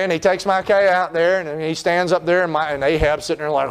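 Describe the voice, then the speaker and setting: Male pastor preaching, kinda high voice, folksy storyteller. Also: brisk. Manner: folksy storytelling, acting out the people in his stories. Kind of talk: sermon.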